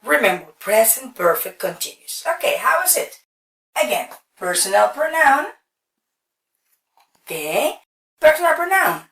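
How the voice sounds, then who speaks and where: A woman's voice: high-pitched, very animated, fairly bright tone. A woman teaching an English grammar lesson, explaining step by step and checking in often with "okay". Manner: slow, explaining step by step with frequent okays. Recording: roomy echo, distant from mic.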